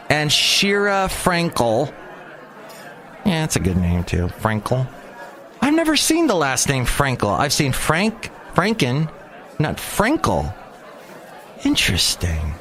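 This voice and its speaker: This solo podcast features a host in his forties with a medium-pitched, somewhat bright voice. Recording in a small hot room, he rambles casually, cracking jokes and drifting into asides.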